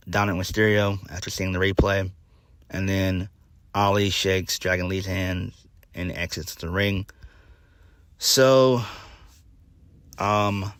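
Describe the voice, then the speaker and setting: A man's voice: lowish voice, no echo, studio quality. A man giving a casual spoken review, rambling with lots of fillers and restarts, blunt and swearing now and then. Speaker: wrestling reviewer.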